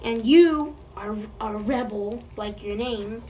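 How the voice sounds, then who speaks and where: A woman's voice: fairly high pitch, takes it slowly, a little mellow, slight background noise. A woman making a slime vlog, playfully chatting to the slime as if it were alive, recorded on a phone. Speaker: slime video creator.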